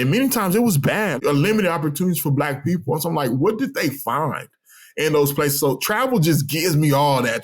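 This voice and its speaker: A man from Austin with a Texan accent, an interview guest telling lively travel stories and laughing often. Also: mid-range voice. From Austin, Texas. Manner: animated, laughs often, acts out voices in anecdotes. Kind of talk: casual storytelling.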